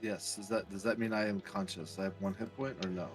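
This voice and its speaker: Hesitant low-voiced player. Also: male voice, fairly even intonation, a little fast, soft background music. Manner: hesitant, stammering, quiet.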